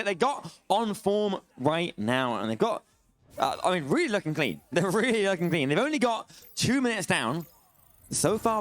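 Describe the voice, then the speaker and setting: A man's voice: high-pitched, a bit bright, no echo. A young man commentating a live esports match play-by-play, exclaiming at big plays.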